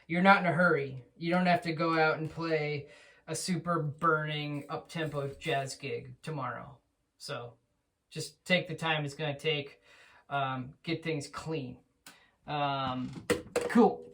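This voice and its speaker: Slow, easygoing drum teacher, distant mic. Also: male voice, on the high side. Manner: relaxed, encouraging, with many ums and restarts. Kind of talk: recorded feedback lesson. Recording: distant mic with faint noise.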